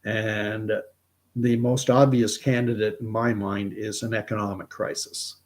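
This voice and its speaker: A man's voice: lowish voice, flat delivery, measured pace. A man hosting a livestream, talking in a rambling, conversational way and answering viewers. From Canada. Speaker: host of a commentary livestream. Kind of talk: casual livestream commentary.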